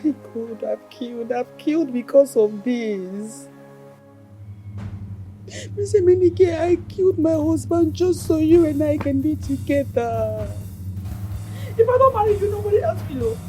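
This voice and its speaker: A woman's voice: sits high, expressive, a little slow, mellow, faint music behind. A woman with a Nigerian English accent playing a scheming widow, insistent and obsessive.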